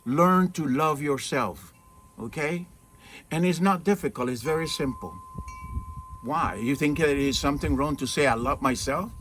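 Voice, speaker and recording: This spiritual teacher's voice sits on the high side, fairly bright and a little slow. Outdoors in the shade at his home, with trees and mountains nearby, he gives an earnest, informal talk full of rhetorical questions and "okay?" check-ins, against faint birdsong and wind chimes.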